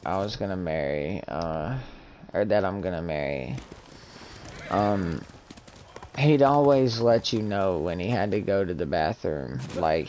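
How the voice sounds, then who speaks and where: Young male streamer, low voice, halting emotional storytelling, faint background hum. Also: a little mellow. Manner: halting, emotional, many restarts and fillers. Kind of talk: casual storytelling.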